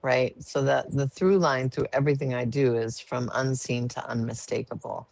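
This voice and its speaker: Woman guest, low voice, earnest, emotional, dry close sound. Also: steady tone, moderate pace, creaky, darkish tone, no room sound. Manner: earnest, emotional, laughs easily. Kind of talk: heartfelt interview storytelling.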